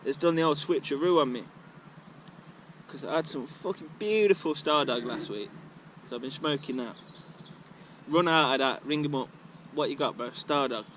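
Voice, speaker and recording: A man's voice: a little high, fairly bright tone, rough recording. A man, chatting off the cuff at a favourite outdoor spot. He rambles and swears freely in loose slang, over a faint hum of street noise. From England. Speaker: vlogger. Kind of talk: casual rambling monologue. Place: outdoors at a regular filming spot.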